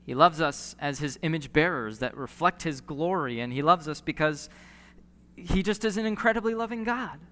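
Bright-voiced pastor preaching in a reverberant hall. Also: male voice, on the high side. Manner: earnest preaching with emphatic pauses and repeated phrases. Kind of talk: sermon. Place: church sanctuary. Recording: long church hall reverb.

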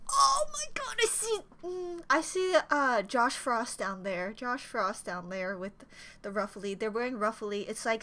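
A woman reacting to a live music performance in a vlog, gasping and gushing excitedly. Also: medium pitch. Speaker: reaction vlogger. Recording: music playing behind. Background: faint music.

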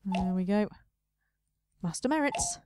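A woman's voice: medium pitch, animated, measured pace, noisy background. A young woman casually commenting on her own gameplay, chatty and self-mocking, talking to herself as she plays. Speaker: let's play host.

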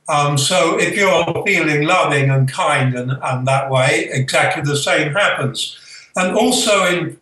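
An older man, a spiritual author, telling a personal story in an earnest, halting way with many fillers. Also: fairly high pitch, fairly bright tone. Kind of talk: storytelling, reflective. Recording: echoey room, distant from the mic.

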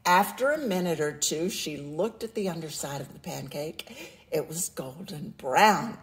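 Here a woman with a fairly low pitch tells a children's picture book story aloud. Her reading is slow and expressive, with a sing-song lilt.

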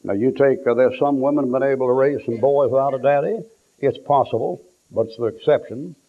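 A man preaching a sermon, telling folksy stories and acting out the people in them, sometimes shouting for effect. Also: medium pitch, a little fast. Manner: folksy storytelling, acts out quotes, shouts for effect. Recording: tinny lo-fi phone-like sound.

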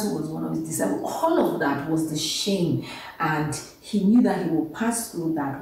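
Woman preacher, mellow lowish voice, earnest and encouraging, mic distant in a very echoey hall. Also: slight background noise. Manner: earnest and encouraging, with many repetitions. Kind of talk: sermon.

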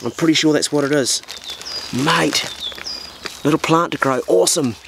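A man's voice: a little high, normal speed, creaky, noisy background. A New Zealand man with a New Zealand accent, chatting in a slangy, blokey way as he opens parcels on his vlog at an old farmhouse. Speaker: vlogger. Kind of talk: casual mail-opening vlog.

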